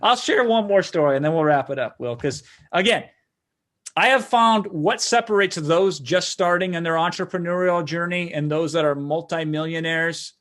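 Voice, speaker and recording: Middle-aged male webinar host, slightly high voice, loose conversational sales pitch. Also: normal speed, fairly bright tone. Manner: conversational, frequent "right?" tag questions. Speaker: webinar host and marketing consultant.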